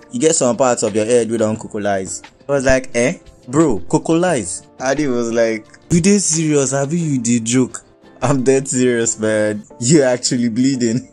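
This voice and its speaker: A young man with a Nigerian accent telling a wild personal story in a lively, profane way, dropping into Pidgin and Yoruba. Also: medium pitch. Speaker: vlogger. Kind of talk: casual storytelling.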